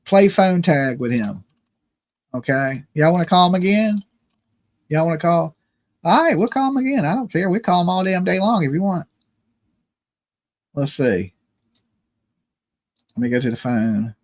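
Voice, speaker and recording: A man's voice: high voice, lively intonation, measured pace, pauses often, no echo. A man hosting a livestream in casual joking chat, loose and rambling, swearing freely as he banters. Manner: loose, rambling and profane, jokey phone-prank banter. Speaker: streamer host.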